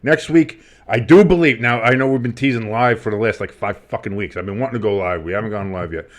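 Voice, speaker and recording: A man co-hosting a casual sports podcast, rambling and excitable, swearing freely. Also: on the low side, fast talker. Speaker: podcast co-host.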